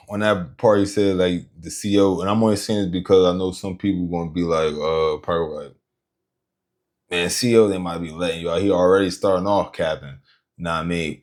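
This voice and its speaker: Very low-voiced man rambling to viewers. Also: normal speed, a little mellow. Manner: loose, rambling, talks straight to viewers. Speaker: host. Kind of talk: casual reaction commentary.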